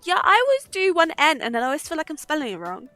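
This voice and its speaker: A woman's voice: high-pitched, very animated, fast talker, pushed and bright, no echo. Giggly woman streamer. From Britain. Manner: chatty, giggly, swears casually. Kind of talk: casual livestream chat.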